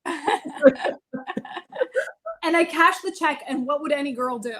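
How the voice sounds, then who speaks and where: Woman, thirties, lively guest storyteller, higher voice, acts out dialogue. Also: fast. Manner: animated, acts out family dialogue. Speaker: guest, founder and CEO. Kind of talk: storytelling interview.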